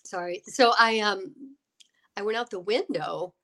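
A middle-aged woman with a bright, forceful voice tells her story with lively energy. She is getting over a cold, acts out the voices of people she quotes, and laughs often. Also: mid-range voice, a little slow. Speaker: guest, actress and UFO experiencer. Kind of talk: animated storytelling.

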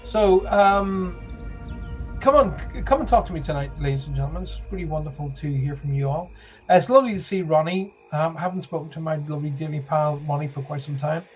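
A man's voice: a little high, a little fast, soft background music, rough recording. Chatty British man hosting a late-night radio show. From United Kingdom. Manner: chatty, self-deprecating, rambling with many fillers. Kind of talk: live radio talk show, spiritual chat.

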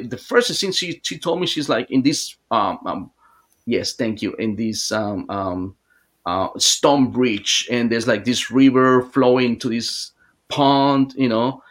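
A man's voice: medium pitch, fairly bright tone. Rambling man telling a story. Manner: rambling, with many fillers and restarts. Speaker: guest hypnotherapist. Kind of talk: casual storytelling in conversation.

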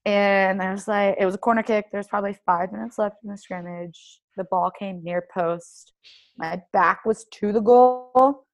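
Young female athlete guest, casual and lively storyteller, acts out quoted lines in her own voice. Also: medium pitch, moderate pace, dull audio. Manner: animated, heavy use of "like", acts out quoted dialogue. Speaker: guest, professional soccer player.

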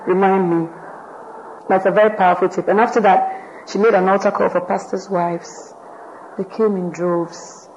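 A woman leading a pastors' wives group gives an informal teaching talk. She talks in a lively way, acts out the voices of people she quotes, and says "you know" a lot. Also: mid-range voice, muffled recording, slight background noise.

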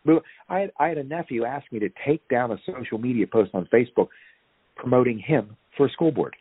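A man's voice: mid-range voice, a little fast, husky, no room sound, phone-quality sound. A man speaking as an interview guest, fiery and ranting, his voice surging up on key points. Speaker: guest activist. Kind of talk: impassioned podcast interview.

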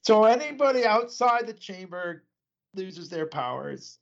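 Gravelly man rambling through a plot recap. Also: sits high, very animated, unhurried. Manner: rambling recap with fillers and laughs. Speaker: podcast co-host. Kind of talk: casual film chat, recapping plot. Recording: dull lo-fi podcast audio.

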